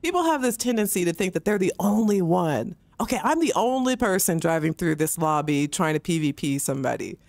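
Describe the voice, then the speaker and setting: A woman's voice: fairly low pitch, sing-song, fairly quick, hardly any pauses, a little mellow, no echo. A woman game streamer on a close mic, ranting heatedly and with plenty of swearing during a livestream, often mocking others in put-on voices. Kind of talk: livestream rant while gaming.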